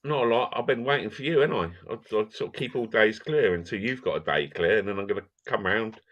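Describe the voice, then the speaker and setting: A man's voice: on the low side, fast, a bit bright, dull audio. A man chatting on a live stream, swearing a lot and joking with a laugh in his voice. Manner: sweary, laughing, mock-serious storytelling. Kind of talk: crude casual banter.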